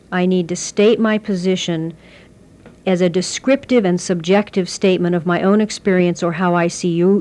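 A woman with a slightly low voice explains her approach to communication in a steady, measured way. She sounds like a workshop teacher, building her points from simple everyday examples. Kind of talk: explanatory interview answers.

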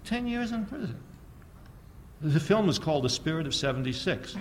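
A man giving a public history lecture, sardonic and animated, firing off rhetorical questions and often chuckling at his own points. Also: a little high, moderate pace, slight background noise.

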